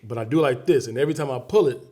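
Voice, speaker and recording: A man's voice: medium pitch, very fast, mellow, a little hiss or hum. Chicago man telling a dramatic story. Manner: vivid, dramatic storyteller who acts out voices and scenes. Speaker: guest comedian. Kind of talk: casual storytelling interview.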